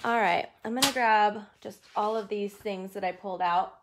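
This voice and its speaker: Chatty woman with a gravelly voice. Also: mid-range voice, moderate pace, background noise. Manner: chatty, laughs often, jokes about herself. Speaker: stamping craft demonstrator. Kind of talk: live craft tutorial. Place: home craft room. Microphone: desk camera under studio lights.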